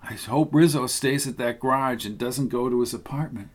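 A man's voice: mid-range voice, normal speed, natural voice. A man voicing a cautious, worried woman in her thirties who keeps asking questions. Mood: anxious. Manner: anxious, questioning.

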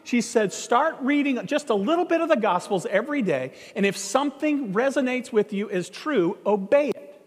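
Man preaching in a church, high pitch, animated storyteller, long hall echo. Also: normal speed. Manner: animated, acts out quoted dialogue, conversational asides. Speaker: pastor. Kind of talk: sermon storytelling.

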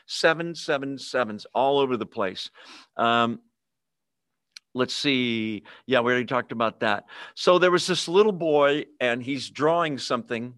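A man's voice: medium pitch, a bit bright, no room sound, clean studio sound. A man leading a Bible study over a video call, talking casually with fillers and humorous asides. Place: online video meeting.

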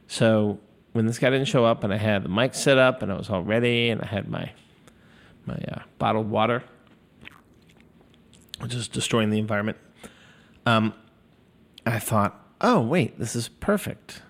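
A man's voice: on the low side, moderate pace, pauses often. A man in his fifties hosting a solo podcast in a studio, rambling, self-deprecating and swearing freely. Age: 50s. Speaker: podcast host. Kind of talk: casual solo podcast monologue. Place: recording studio. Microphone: studio microphone.

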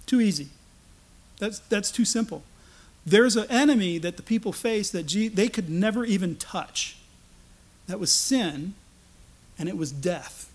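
A man delivers a sermon in a notably high voice. He preaches with animation, slipping into the voices of the people he quotes. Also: lively intonation, unhurried, pauses often.

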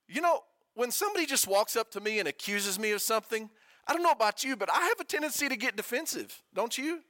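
Male pastor, middle-aged, high bright voice, dry close sound; conversational sermon with rhetorical questions and hushed emphasis. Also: expressive, quick pace, dry recording. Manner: conversational preaching with rhetorical questions, rising and dropping to a hush.

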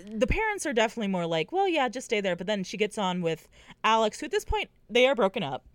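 A woman's voice: quick pace, clear, resonant tone, no echo. A woman co-hosting a casual book podcast, retelling scenes and lifting her voice for the quoted characters. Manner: animated, acts out quoted characters with lifted pitch. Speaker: podcast co-host. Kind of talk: casual book-club chat.

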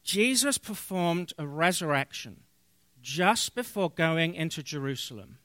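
Male pastor, high bright tone, earnest sermon delivery with scripture reading, dry close sound. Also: lively intonation, no room sound. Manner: earnest preaching with pauses and fillers, reading scripture aloud.

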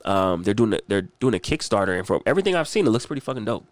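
Man, low voice, lively swings in pitch, casual joking podcast chat, dry close sound. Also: rapid-fire, no echo. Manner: animated, joking, swears freely. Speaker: podcast co-host.

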